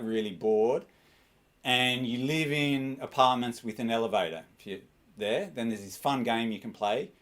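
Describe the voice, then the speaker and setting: Man, stand-up comic, lively swooping pitch, awkward self-mocking delivery, giggles at his own punchlines. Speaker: stand-up comedian. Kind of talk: stand-up comedy set. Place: small comedy club.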